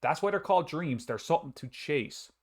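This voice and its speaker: A man's voice: a little high, expressive, fairly quick. Rambling man hosting a podcast. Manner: rambling, frequent restarts, swears casually. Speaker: podcast host and streamer. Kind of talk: casual podcast chat.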